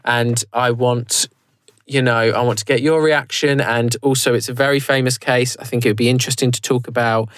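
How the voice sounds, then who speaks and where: A man's voice: medium pitch, fairly even intonation, brisk, fairly bright tone, no echo, studio quality. A British man co-hosting a podcast, chatting casually and restarting his sentences as he goes. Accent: British English. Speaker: podcast co-host. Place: recorded live in a converted prison.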